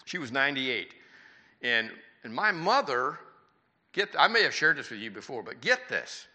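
Folksy older man preaching, bright voice. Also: mid-range voice, big pitch swings, normal speed. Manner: folksy, conversational preaching with rhetorical questions. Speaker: pastor. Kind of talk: sermon. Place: church.

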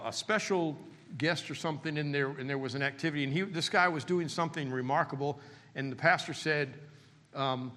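A man pastor preaching a sermon in a church, swinging between animated emphasis and quiet, hushed appeals. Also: a little high, long reverb tail. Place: church sanctuary.

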